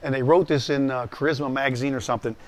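In a medium-pitched voice, a male pastor talks fast through a sermon about his personal testimony. He addresses listeners directly in a conversational way and acts out the quoted voices with animation.

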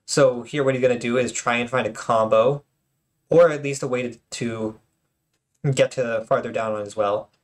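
Halting, stuttering male game commentator. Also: medium pitch, steady tone. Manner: halting, stutters and restarts words often; self-conscious, apologetic asides. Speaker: replay commentator. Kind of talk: casual commentary over game replays.

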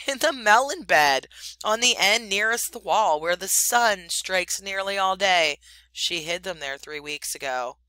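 A woman voicing a silly little male tailorbird who talks in a gushing, sing-song, excitable way in a storybook reading. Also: mid-range voice, unhurried, smooth, dry recording.

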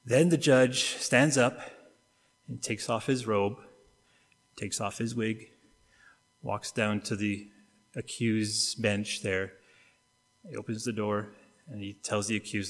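A middle-aged Canadian man preaching a sermon, telling a story and acting out the quotes, getting suddenly quieter or louder and faster or slower. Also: lowish voice, steady tone. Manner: storytelling with acted-out quotes, wide swings in loudness and pace. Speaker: pastor. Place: church sanctuary. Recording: long reverb of a church hall.

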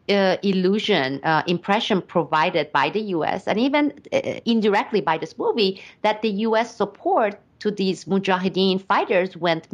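Deliberate, emphatic middle-aged woman. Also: fairly low pitch. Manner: deliberate, emphatic, with frequent "uh" pauses. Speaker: guest commentator. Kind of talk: casual podcast discussion.

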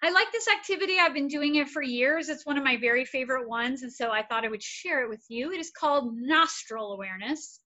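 A woman's voice: high voice, lively intonation, a little fast, few pauses, sharp tone, lo-fi sound. A woman therapist giving a casual, upbeat wellness workshop, encouraging and repetitive. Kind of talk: casual instructional talk.

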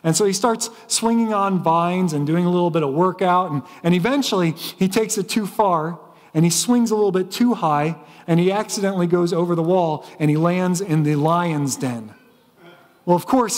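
A man's voice: sits high, big-room sound. A man preaching a sermon as pastor, telling stories with frequent restarts. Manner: storytelling preacher with repeated restarts. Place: church sanctuary.

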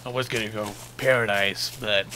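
A man's voice: fairly low pitch, fairly even intonation, moderate pace, sharp tone, slight background noise. Sarcastic young man rambling through gameplay. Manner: rambling, sarcastic, swears freely. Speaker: gaming channel host. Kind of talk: casual gameplay commentary.

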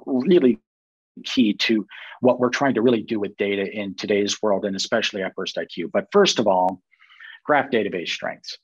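A man's voice: on the low side, breathy edge, dry recording. Man presenting a tech webinar, dry muffled sound. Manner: explanatory, with quick restarts and asides.

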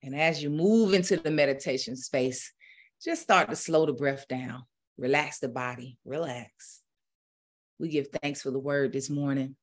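A woman spiritual teacher, preaching with rising fervor and then leading a slow, calm guided meditation. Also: extremely low pitch.

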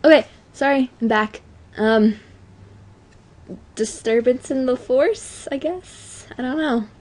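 A teenage girl talks through a video game at home in a slightly high voice, unhurried and rambling. She apologizes often and mocks herself, then erupts in bursts of excitement. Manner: chatty, apologetic, self-mocking, bursts of excitement. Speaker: let's play gamer. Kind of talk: casual gameplay commentary.

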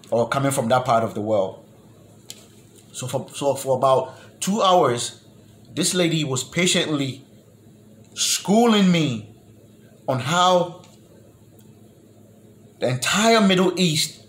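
A man from New York telling a personal story in a casual way, often repeating and restarting words and dropping to a low murmur for asides. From New York, United States. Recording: echoey room with faint noise.

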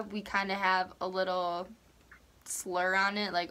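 A woman's voice: medium pitch, unhurried, a bit bright. A young woman from Minnesota with a Minnesotan accent, chatting casually as a guest and laughing often. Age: young adult. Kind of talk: casual chat.

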